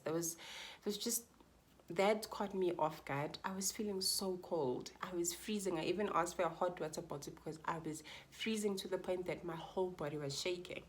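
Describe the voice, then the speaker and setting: A young woman vlogger tells her birth story to the camera, chatty and heartfelt, repeating phrases for emphasis and often calling her viewers "guys." Her voice sits on the low side, with slight background noise.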